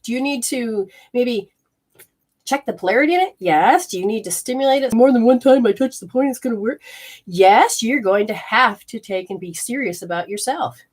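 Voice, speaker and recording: Woman, healing-show host, husky voice, emphatic folksy teacher. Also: a little high, animated, moderate pace, darkish tone. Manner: emphatic, talks straight to the viewer with rhetorical questions; folksy, exclamatory asides. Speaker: host and energy healer. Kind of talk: instructional health show.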